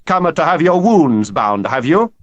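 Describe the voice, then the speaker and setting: A man's voice: on the high side, sing-song, unhurried, dry recording, highs cut off, voice pushed up. A man doing a mocking matron with a put-on Spanish accent. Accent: mock Spanish. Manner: mocking, theatrical. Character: teasing school matron with a mock Spanish accent.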